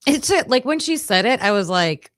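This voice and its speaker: A woman hosting a livestream, chatting casually with her viewers and telling stories in an animated way. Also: a little high, normal speed, dry recording, clean studio sound. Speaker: livestream host covering a trial.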